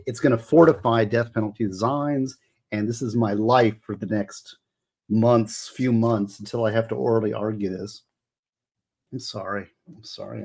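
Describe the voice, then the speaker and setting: A man's voice: fairly low pitch, a little mellow, slightly rough. A middle-aged man hosting a casual livestream, rambling and emotional as he explains law. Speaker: livestream host.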